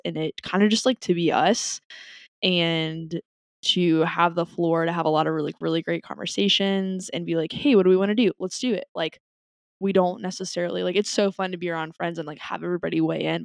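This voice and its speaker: A young woman co-hosting a podcast in casual chat, telling stories in an animated way and acting out her own thoughts. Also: fairly low pitch, creaky, no echo. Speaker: podcast co-host.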